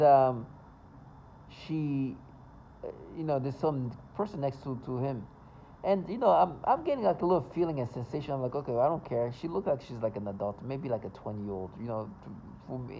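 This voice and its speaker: A man with a gravelly, dark voice rambles on in a casual vlog monologue. He sounds agitated, stumbling and restarting his sentences. A faint hiss sits under his voice. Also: mid-range voice, animated, moderate pace, muffled recording. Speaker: vlogger.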